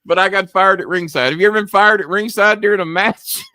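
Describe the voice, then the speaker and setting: A man hosting a show, telling a profane, animated story and acting out the yelling voices. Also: high-pitched, quick pace, dry recording, clean studio sound. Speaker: host. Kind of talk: casual storytelling chat.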